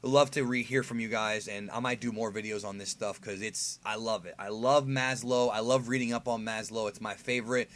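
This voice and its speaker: A man's voice: fairly low pitch, fairly even intonation, fairly quick, few pauses, a bit bright. Enthusiastic rambling man explaining to camera. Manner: enthusiastic, rambling, lots of fillers and restarts. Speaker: YouTube host. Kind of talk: casual explainer monologue.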